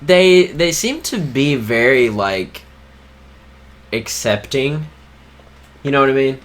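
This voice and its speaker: A man's voice: mid-range voice, lively intonation, takes it slowly. A young man co-hosting a podcast in casual chat, laid-back and easily amused. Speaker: podcast co-host.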